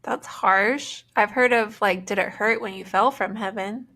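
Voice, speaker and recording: A woman's voice: mid-range voice, unhurried, pushed and bright. A woman co-hosting a podcast in casual chat, reacting with disbelief and asking questions. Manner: incredulous, asks questions. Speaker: podcast co-host.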